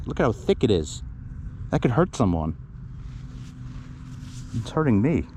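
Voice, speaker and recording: Guy detecting outdoors, talks excited, voice jumps up and down a lot, little bit of background hiss. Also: on the low side, measured pace, pauses often. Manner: excitable, exclaiming at finds. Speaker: metal detecting host. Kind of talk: casual outdoor commentary. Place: outdoors on a field.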